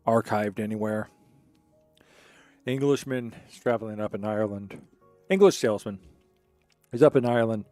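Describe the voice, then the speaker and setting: A male streamer chatting casually at his own microphone, telling jokes with plenty of restarts and detours. His voice is mid-pitched, and the sound is close and dry. Faint music plays underneath. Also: darkish tone, no room sound. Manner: rambling, digressive storyteller. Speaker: gaming streamer.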